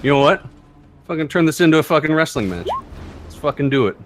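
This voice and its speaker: Eager, swearing man player with a lively voice. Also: on the high side, fast talker, music in the background. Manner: swearing, eager, checks rules aloud. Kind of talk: casual tabletop game chat.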